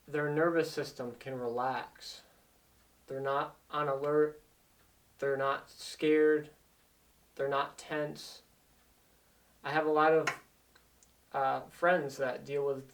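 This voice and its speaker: A man talks as a life coach, earnest and insistent, circling back to repeat his main points. His voice sits fairly high for a man. He sounds a little distant, as if set back from the microphone. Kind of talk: motivational talk to camera.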